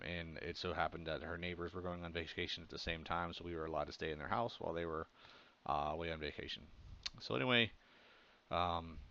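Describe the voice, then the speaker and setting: A man from Pennsylvania tells a story in a loose, rambling way, stopping often for fillers. His voice sits very low. The audio sounds a little dull and muffled. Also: sharp tone. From Pennsylvania, USA. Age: adult. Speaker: comic artist vlogger. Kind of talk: casual storytelling.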